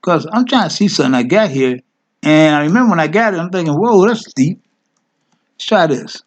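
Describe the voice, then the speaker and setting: A man's voice: on the high side, lively intonation, fast talker. A man teaching a Hebrew word lesson, thinking aloud as he clicks through his screen, correcting himself and coaxing his listeners along. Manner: addresses listeners as family. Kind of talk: informal screen-share lesson.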